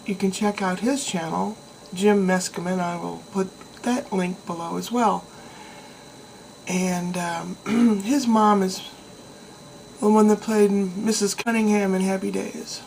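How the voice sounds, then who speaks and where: A woman's voice: medium pitch, steady tone, takes it slowly, vocal fry, darkish tone, slight background noise, low-quality recording. A woman vlogger talking to her camera in a chatty, meandering way, talking to herself now and then. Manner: chatty, meandering, with laughs and self-talk. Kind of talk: casual rambling monologue.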